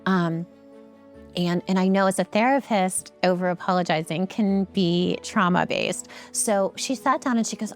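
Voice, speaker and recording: Woman, lowish voice, earnest, halting with ums and restarts, heartfelt interview storytelling, faint music underneath. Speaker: nonprofit founder and guest.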